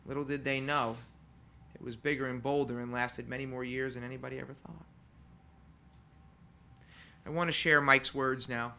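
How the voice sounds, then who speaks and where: A man serving as funeral celebrant, giving an earnest, heartfelt eulogy in a conversational manner with pauses. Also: mid-range voice, fairly even intonation, gravelly, pushed and bright, slight background noise. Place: funeral home chapel.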